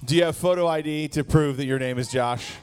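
Joking, animated youth-service speaker. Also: male voice, fairly high pitch, a little fast, smooth. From Wisconsin. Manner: jokey, animated, talks straight to the crowd. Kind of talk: playful youth sermon. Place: church hall.

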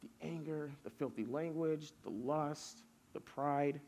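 Young male preacher, casual youth-sermon delivery, slightly higher voice, builds emphatic lists. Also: a little slow, darkish tone, a little hiss or hum. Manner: casual, storytelling, builds lists with rising force.

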